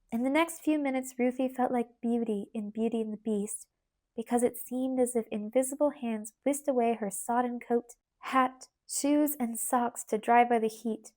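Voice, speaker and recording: Woman, storybook narrator, mellow tone, fairly high voice, expressive lilting reading. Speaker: audiobook narrator.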